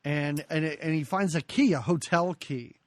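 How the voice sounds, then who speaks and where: A podcast co-host recaps a movie in a playful, self-mocking tone and laughs often. The voice sits at a middle pitch. It is recorded close and dry, with no room sound. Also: moderate pace, no room sound. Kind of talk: casual movie discussion.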